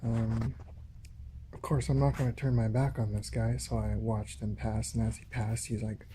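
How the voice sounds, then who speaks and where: Hesitant man with a dark voice. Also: lowish voice, level tone, slight background noise. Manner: hesitant, full of pauses and restarts. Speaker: vlogger. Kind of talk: rambling phone monologue. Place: home in a shared residential building. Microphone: phone.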